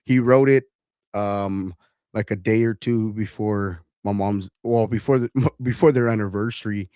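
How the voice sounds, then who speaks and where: A man's voice: lowish voice, steady tone, a little slow, dark tone, smooth, no echo, clean studio sound. A man hosting a radio talk show, talking in a consoling, hesitant way. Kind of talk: casual interview chat.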